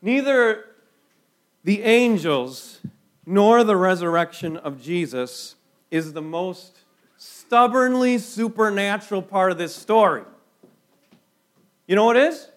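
Slow, emphatic high-voiced preacher man. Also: animated. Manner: slow, emphatic preaching with dramatic pauses and sudden quiet drops. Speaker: pastor. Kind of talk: sermon.

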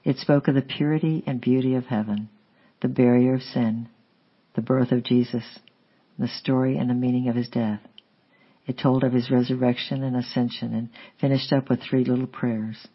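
A man steadily reading a memoir aloud in a measured, unhurried way, on a slightly dull lo-fi recording. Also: medium pitch, little pitch movement, husky. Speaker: audiobook reader. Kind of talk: memoir narration read aloud.

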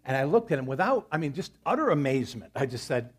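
Male pastor, husky voice, mid pitch, conversational storytelling sermon. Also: very animated, fast. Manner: conversational preaching, storytelling with scripture quotes. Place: church service.

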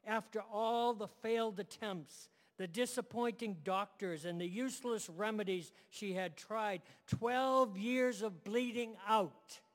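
A man's voice: high-pitched, measured pace, few pauses, in a large hall. A man preaching a sermon to a room and online audience, emphatic, building phrases in repeated lists.

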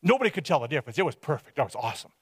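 A man's voice: a little high, sing-song, very fast, breathy edge, no room sound. A man from British Columbia giving a personal testimony as a rambling, self-deprecating storyteller. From Hope, British Columbia, Canada.

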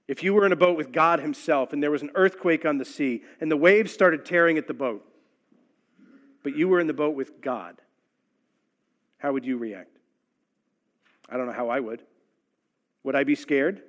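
Guy teaching a bible passage, chatty and thoughtful, voice a bit on the high side. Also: moderate pace, long pauses, fairly bright tone. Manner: conversational and reflective, asks rhetorical questions.

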